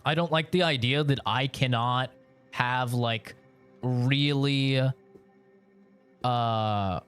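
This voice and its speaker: A man's voice: medium pitch, slow, a bit bright, smooth, soft background music. A young man streaming, telling a story in casual, rambling talk full of slang and laughs.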